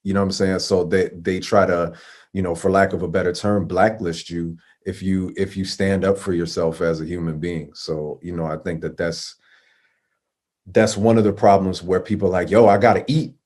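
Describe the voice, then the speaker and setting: A man's voice: low voice, fairly even intonation, moderate pace, darkish tone. A man speaking as a panelist in a casual discussion, earnest, often asking "you know what I'm saying".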